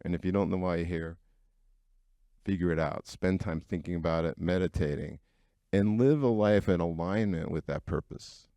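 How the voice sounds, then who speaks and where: A man's voice: low voice, warm tone, no echo, clean studio sound. A middle-aged man telling personal stories to a live audience in a frank, conversational way, with frequent fillers. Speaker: keynote speaker at an entrepreneurs' breakfast. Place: event venue before an audience.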